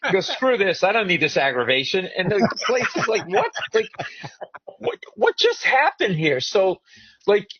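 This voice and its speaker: Male comic guest, slightly high voice, lively storyteller, dull lo-fi remote audio. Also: slight background noise. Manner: storytelling, animated, quick joking. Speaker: guest comedian. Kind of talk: casual chat.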